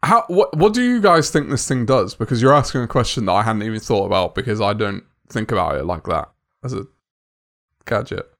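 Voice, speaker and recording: Measured man reasoning aloud. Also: on the low side, animated, fairly bright tone. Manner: measured, reasoning things through. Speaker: podcast co-host. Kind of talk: casual chat.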